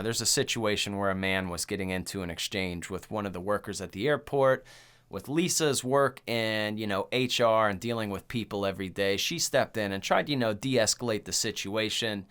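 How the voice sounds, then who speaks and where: A man hosting a horror movie podcast, telling the story in a rambling, profane, animated way. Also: fairly low pitch, moderate pace, clean tone. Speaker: podcast host. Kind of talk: casual movie recap chat.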